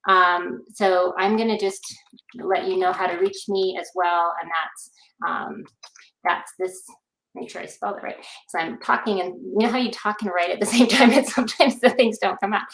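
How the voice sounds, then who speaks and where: Gravelly-voiced woman, upbeat and rambling. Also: mid-range voice, fairly even intonation, normal speed, a bit bright, reverberant, rough recording. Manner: rambling, upbeat, many fillers. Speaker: guest. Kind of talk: casual video call pitch.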